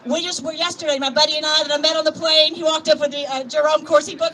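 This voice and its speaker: An older woman gives an impassioned rally speech outdoors. She reads scripture and calls out to the crowd, swinging between soft asides and shouts. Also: high voice, steady tone, fast, hardly any pauses. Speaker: rally speaker. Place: outdoor plaza at a protest march. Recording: distant outdoor recording with crowd noise. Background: murmuring crowd and street noise.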